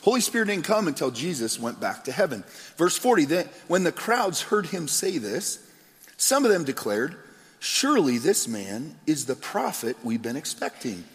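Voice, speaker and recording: A man preaching a sermon as pastor, telling the story with animated, acted-out quotes. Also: fairly high pitch, moderate pace. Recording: long hall reverb.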